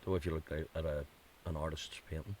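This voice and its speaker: A man's voice: rumbling low, fast, a little hiss or hum. A man with a Northern Irish accent hosting a casual chat, telling stories with lots of swearing. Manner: swearing, lively storytelling with put-on quotes. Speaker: podcast host.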